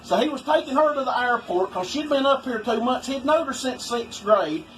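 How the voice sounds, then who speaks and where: A man's voice: very high-pitched, lively intonation, normal speed, a bit bright, slight background noise, rough recording. Folksy man spinning yarns. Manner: folksy, rambling, swoops for effect. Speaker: storyteller vlogger. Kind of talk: casual anecdote telling.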